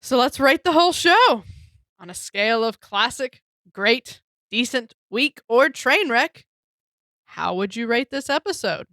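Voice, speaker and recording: A woman co-hosting a podcast, relaxed and quick to laugh as she moves the talk along. Her voice sits a touch high and the sound is dry. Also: no room sound. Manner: relaxed, laughs easily, leads the segments. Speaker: podcast co-host. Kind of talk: casual chat reviewing a comedy show.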